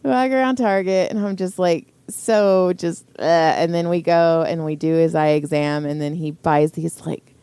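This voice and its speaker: With a smooth, dark voice on the low side, fairly even intonation and a moderate pace, a middle-aged podcast co-host tells a story in casual conversation. She acts out quotes and swears freely, and there is no echo.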